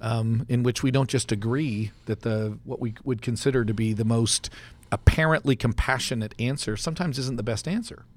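A man's voice: mid-range voice, normal speed, darkish tone. A man hosting a church podcast, talking in a casual, rambling way with lots of restarts and easy laughter. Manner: rambling, chatty, many fillers and restarts, laughs easily. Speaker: podcast host and church pastor. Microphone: studio mic.

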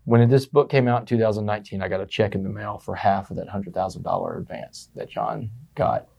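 A middle-aged man, a motivational speaker telling his story in an interview, animated and fast, often saying "man". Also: on the low side, creaky. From Texas, USA.

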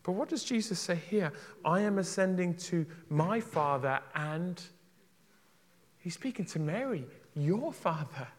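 A man preaching with passion in a church, his fairly high voice trailing off into a long hall reverb. He swings from loud, urgent calls to hushed, tender pleading. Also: animated, a little slow. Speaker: pastor. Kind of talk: sermon.

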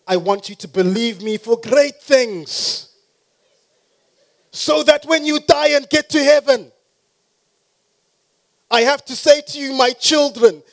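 A man voicing an old Afrikaner farmer who speaks a prophetic word as God, in an Afrikaans accent, slow and solemn. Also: extremely high pitch, gravelly, a bit bright, voice pushed up, full character voice.

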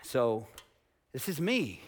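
A man preaching a sermon as pastor, swinging between loud emphatic declarations and quiet asides, asking his listeners direct questions. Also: mid-range voice, sing-song, slow pace. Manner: asks the congregation direct questions.

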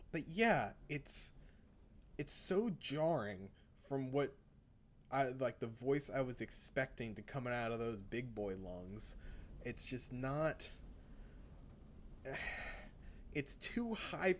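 A man's voice: medium pitch, slow, long pauses. A young man co-hosting a podcast in casual chat, rambling and laughing often. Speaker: podcast co-host.

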